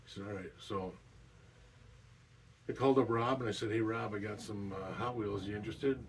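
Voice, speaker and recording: Middle-aged guy with a lowish voice rambling on about a story, mic kinda far off. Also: fairly even intonation. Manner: rambling, drawn-out telling. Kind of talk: casual spoken storytelling. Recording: distant mic with faint background noise.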